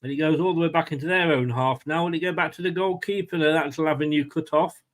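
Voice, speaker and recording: A male fan channel host with a fairly high, steady voice talks at a quick pace. He's running a casual live watchalong, commenting on play and chatting with viewers by name.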